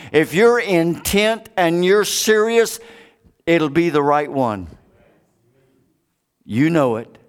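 A man's voice: takes it slowly, clean tone. A man preaching a sermon in a dramatic, impassioned way. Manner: dramatic, impassioned, sweeping pitch.

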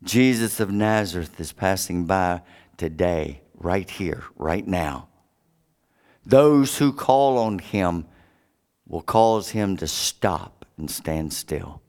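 Dramatic preacher with a sweeping, lively voice. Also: male voice, slow pace. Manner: dramatic, impassioned, sweeping pitch. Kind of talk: sermon.

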